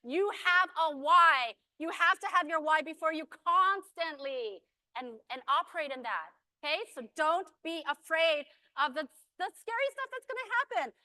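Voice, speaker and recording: A woman giving an energetic, emphatic motivational speech on stage, hurrying through her points and rallying the audience. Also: very high voice, moderate pace, no echo. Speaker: motivational speaker at a business event.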